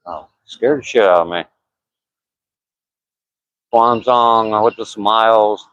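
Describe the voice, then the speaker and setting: A man's voice: lowish voice, slow, a bit bright, smooth, no echo, dull audio. An older man talking casually on a live stream while out walking outdoors, joking and laughing at his own remarks. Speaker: vlogger live streaming a walk.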